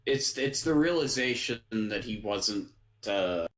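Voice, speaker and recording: Poor audio captures a man with a lowish, fairly bright voice co-hosting a casual anime recap podcast. Unhurried yet animated, he chats easily, leans on fillers, hesitates, and laughs a lot.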